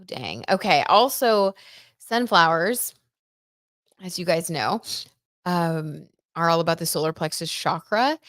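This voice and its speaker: A woman's voice: on the low side, a bit bright, no room sound, clean studio sound. A young woman hosting a casual live tarot reading, chatty and gushing, with lots of "like" and "oh my gosh". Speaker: tarot reader and live stream host.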